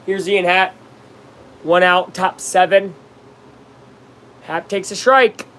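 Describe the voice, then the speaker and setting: A man casually commenting on a baseball game on a live stream, chatting with viewers and reacting loudly to plays. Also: sits high, steady tone, slow.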